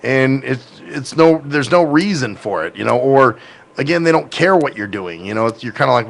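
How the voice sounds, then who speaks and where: Male podcast host, gravelly, rambling and profane, casual tone. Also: medium pitch, lively intonation, moderate pace. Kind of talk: casual chat.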